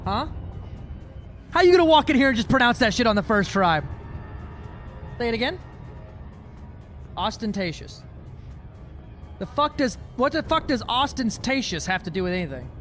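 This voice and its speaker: A man's voice: very high voice, big pitch swings, normal speed, pauses often, fairly bright tone, faint music behind. A man streaming a space game, chatting casually with viewers in a joking, profane way. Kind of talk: casual gaming livestream chat.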